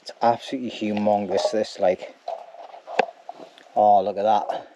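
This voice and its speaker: A man's voice: on the low side, level tone, a little slow, very noisy. A man talking casually to camera at an outdoor camp, rambling and ending lines with "like", with a snotty nose. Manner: chatty, rambling, says "like" at ends. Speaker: bushcraft vlogger.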